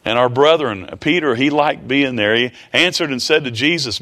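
Male preacher, folksy sermon delivery, repeats himself, average pitch. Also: normal speed, hardly any pauses, sharp tone. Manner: folksy, repeats phrases, chuckles often.

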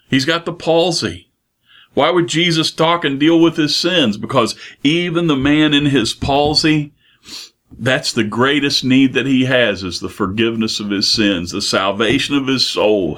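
Earnest male preacher, mid-pitched, rhetorical questioning, sermon delivery. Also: a bit bright.

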